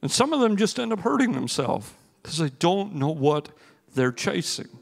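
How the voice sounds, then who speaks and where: A pastor preaching a sermon in a church, telling stories with energetic, emphatic bursts. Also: male voice, a little high, normal speed, gravelly. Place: church sanctuary. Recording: long hall reverb with faint music.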